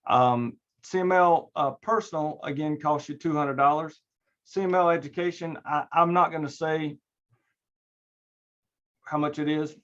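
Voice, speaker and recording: A man's voice: on the high side, steady tone, unhurried, a bit bright. Rambling male instructor on lo-fi audio. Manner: casual, rambling, many fillers and restarts. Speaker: networking instructor. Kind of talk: recorded online class lecture with screen share.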